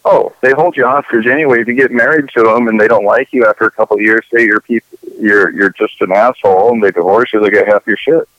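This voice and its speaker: A man's voice: fairly low pitch, fast talker, fairly bright tone, dry recording, muffled recording. A man co-hosting a casual talk show, rambling and opinionated with lots of profanity. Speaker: podcast co-host. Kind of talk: casual chat.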